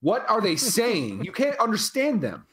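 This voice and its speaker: Over a remote call microphone, this co-host talks in a casual live chat, animated and rambling, with free swearing. The pitch is medium and the delivery a little slow.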